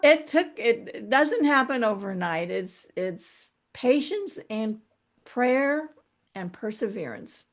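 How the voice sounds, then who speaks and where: A woman's voice: a little high, lively intonation. A middle-aged woman as an interview guest, talking candidly and reflectively about her past, often restarting her sentences. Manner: earnest, reflective, halting with restarts. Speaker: guest author.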